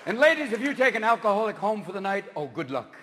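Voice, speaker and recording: A man from California doing a live stand-up routine on stage, talking manically and shouting as he jumps between silly voices. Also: sits high, sing-song, fast, a little hiss or hum. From Marin County, California, USA. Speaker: stand-up comedian. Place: stage in a large theater. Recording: reverberant live hall with ambience.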